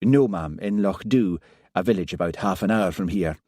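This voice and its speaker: A man doing a mild Highland village constable. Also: normal speed, warm tone, no room sound, clean studio sound. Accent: Scottish Highland.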